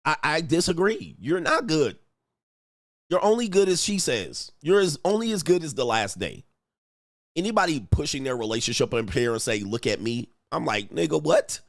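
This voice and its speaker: A man hosting a relationship reaction show, talking in animated, slangy casual commentary and mocking others in put-on voices. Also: a little high, moderate pace, no echo, studio quality.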